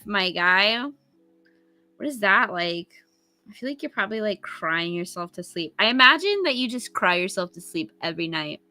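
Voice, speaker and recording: A woman's voice: medium pitch, animated, unhurried, sharp tone, no room sound, soft background music. A woman chatting casually on a live stream as a guest, playful and giggly, teasing her viewers.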